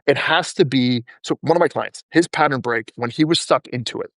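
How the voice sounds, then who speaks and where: Fast-talking male podcast host. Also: medium pitch, no room sound, studio quality. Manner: animated, acts out quoted people in his stories. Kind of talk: casual storytelling interview chat.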